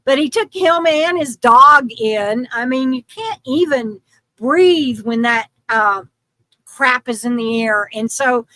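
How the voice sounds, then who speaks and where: A woman's voice: high voice, takes it slowly, sharp tone, no room sound, rough recording. An older woman hosting a casual livestream, rambling in frustration with many restarts and fillers. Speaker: YouTube channel host.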